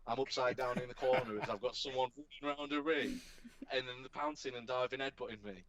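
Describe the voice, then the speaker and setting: A man's voice: medium pitch, quick pace, crowd noise. Man telling stories. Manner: animated storytelling, casual swearing. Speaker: professional wrestler guest. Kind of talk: casual podcast chat. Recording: dull, dry podcast recording.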